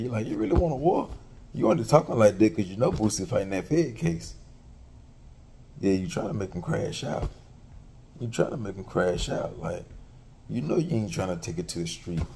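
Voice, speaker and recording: Low-voiced man taunting in street slang. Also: gravelly, mellow, slight background noise. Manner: taunting, profane, repeats lines with "man" tags. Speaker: hip-hop commentary vlogger. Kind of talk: casual street commentary.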